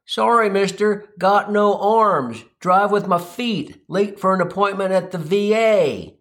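A man's voice: sits high, a bit bright, pitched above the performer's own voice. A man doing a sincere, apologetic driver. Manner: slow, earnest, apologetic.

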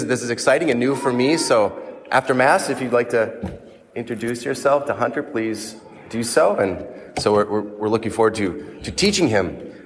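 A man's voice: mid-range voice, slight background noise. A male priest giving a conversational sermon, with frequent restarts. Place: church. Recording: church with long reverb.

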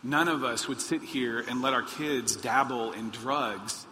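Bright-voiced male pastor in a hall. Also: medium pitch, unhurried. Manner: animated, acts out quoted pleas in a raised voice. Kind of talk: sermon. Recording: long hall reverb, faint noise.

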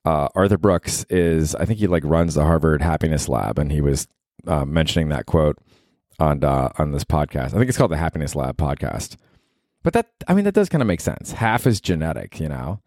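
A man's voice: very deep voice, lively intonation, fairly quick, darkish tone, dry recording, clean studio sound. A man in his forties, a comedian hosting a podcast, rambling casually with plenty of profanity and "like". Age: 40s. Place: bedroom at night.

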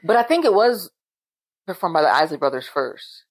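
A woman's voice: on the low side, big pitch swings, moderate pace, breathy edge, no echo, low-quality recording. A woman in her forties co-hosting a podcast, chatting casually, laughing often and acting out quotes. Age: 40s. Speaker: podcast co-host. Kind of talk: casual chat.

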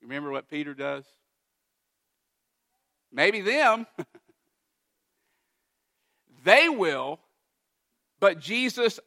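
A man preaching a sermon, retelling a Bible passage with lively, emphatic quoted dialogue. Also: high-pitched, slow pace, pauses often. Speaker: pastor.

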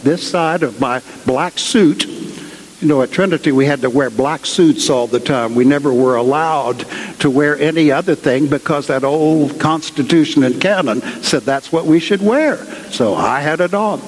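This man, a guest speaker at a cathedral, tells a story in his sermon with a conversational, aside-filled style. His voice is fairly high and his speed normal, with long reverb from the building.

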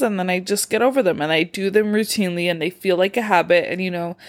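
Rambling young woman podcaster, tired. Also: medium pitch. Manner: rambling, filler-heavy, self-deprecating. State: tired and out of breath. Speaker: podcast host. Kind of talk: casual solo podcast chat.

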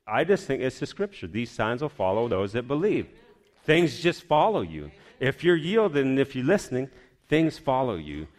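A man preacher telling a personal testimony as a lively storyteller, often sinking into a hushed, low voice.

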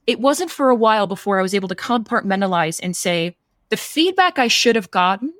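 Woman, podcast co-host; lively storyteller who acts out the dialogue; dry close mic. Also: medium pitch, no room sound. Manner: animated, acts out quoted dialogue. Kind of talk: casual storytelling chat.

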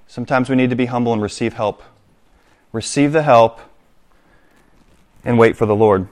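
A man's voice: mid-range voice, steady tone, normal speed, long pauses. A man preaching a sermon to his congregation, reading scripture aloud and explaining it with direct appeals to his listeners. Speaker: pastor.

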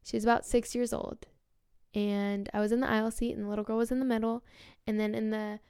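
A young woman hosting her own podcast, telling stories in a chatty, earnest, excited way with lots of "like". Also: a little high, fairly quick, clean tone, no room sound, studio quality. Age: young adult. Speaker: podcast host. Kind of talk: casual storytelling monologue.

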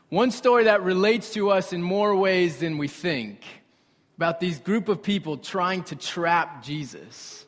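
A young man preaching a sermon with animated storytelling and conversational asides to the congregation. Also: high-pitched. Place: church sanctuary. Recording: reverberant hall.

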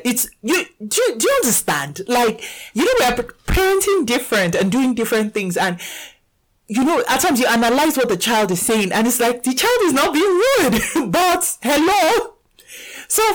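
A woman in her thirties with a Nigerian accent hosts a casual podcast; she's also a fitness coach. She tells stories animatedly, laughing often and acting out dialogue, in a low voice on poor audio.

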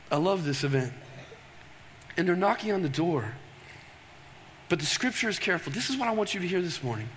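A man preaching a sermon, animated and storytelling, tossing questions to the congregation. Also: high voice, slight background noise. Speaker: pastor. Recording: long reverb of a large hall.

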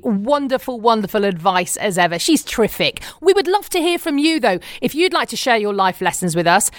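A woman's voice: no room sound, studio quality. A woman co-hosting a podcast in bubbly, casual chat, laughing often. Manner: bubbly, laughs often, lively swings in pitch. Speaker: podcast co-host.

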